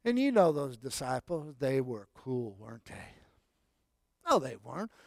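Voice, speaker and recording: A man preaching a sermon in a folksy way, swinging from loud calls to hushed lines. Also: medium pitch, big pitch swings, measured pace, vocal fry, dry recording. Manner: folksy, swells loud then drops to near whispers. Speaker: pastor.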